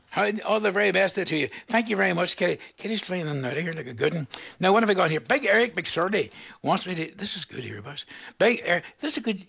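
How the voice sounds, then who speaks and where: A man in his seventies with a Northern Irish accent, presenting a radio show in casual, jokey, rambling chat full of shout-outs to listeners. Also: high-pitched, gravelly, slightly rough. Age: 70s.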